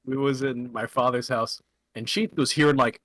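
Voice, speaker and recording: A man from the Buffalo area telling a rambling, halting story in casual chat with friends. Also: medium pitch, steady tone, a bit bright, no echo, poor audio. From Buffalo, New York area.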